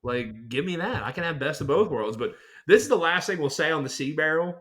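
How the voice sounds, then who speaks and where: Bright-voiced profane male podcast host. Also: a little high, animated, brisk. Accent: Western Pennsylvania. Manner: profane, boisterous, jumps into exaggerated impressions. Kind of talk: casual chat.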